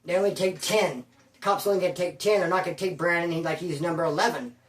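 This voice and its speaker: A man's voice: a little high, steady tone, fast talker, far from the mic. A man telling a prison story in casual, profane slang, animatedly quoting the people in it. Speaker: storyteller recounting prison life. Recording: roomy, voice from afar.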